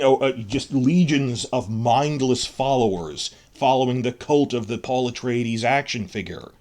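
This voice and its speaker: A man's voice: mid-range voice, darkish tone. A man hosting a solo podcast, rambling emotionally through a film review, restarting his sentences.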